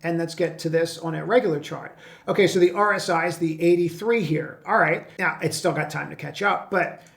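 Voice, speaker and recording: A man's voice: a little high, brisk, creaky, a bit bright. A man with a slightly raised voice talks through stock charts as a trading coach. His delivery is brash and blunt, casual and full of restarts as he explains his reasoning. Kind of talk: screen-share market commentary.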